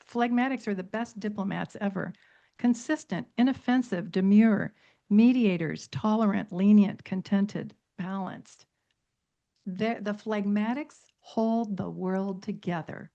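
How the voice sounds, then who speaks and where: A middle-aged woman with a mellow, medium-pitched voice, its highs cut off, teaches about temperaments on a radio talk show. She's emphatic, stringing words into long lists and repeating points for stress.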